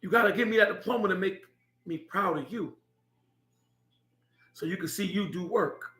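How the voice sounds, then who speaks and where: A man's voice: high-pitched, moderate pace, sharp tone. A middle-aged man telling a heartfelt story about his son, laughing now and then as he speaks. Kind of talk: personal storytelling. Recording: echoey room.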